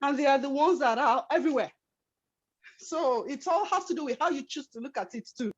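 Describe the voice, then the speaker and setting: A woman chatting on a panel video call, telling stories in a lively, laughing way. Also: high voice, a little fast. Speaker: panel participant. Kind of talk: community panel discussion. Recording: dull lo-fi call audio.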